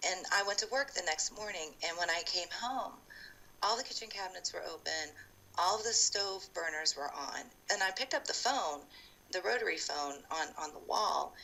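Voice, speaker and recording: Low-voiced woman with a bright, forceful tone; chatty interview storyteller from Ohio. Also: normal speed, creaky, poor audio. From Ohio, USA. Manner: chatty and animated, acts out past dialogue; frequent fillers and restarts, laughs while telling. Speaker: former homeowner telling her story. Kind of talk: casual spoken storytelling interview.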